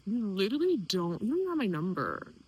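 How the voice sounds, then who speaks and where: A young woman speaking candidly in a personal vlog, emotional and animated, quoting others in lively voices. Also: mid-range voice, fast, slight background noise, rough recording. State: tearful at times. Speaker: vlogger.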